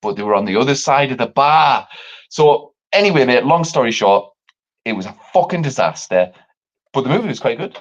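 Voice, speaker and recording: A podcast host, this animated man tells a story in casual chat at a brisk clip, swearing freely and acting out other people's quotes with big jumps in pitch. His voice ranges widely from low to high, and the stream audio sounds dull and lo-fi.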